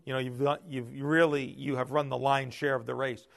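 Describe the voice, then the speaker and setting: A man preaching a sermon, swinging between loud emphasis and hushed asides. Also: mid-range voice, level tone, a little fast, creaky. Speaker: pastor.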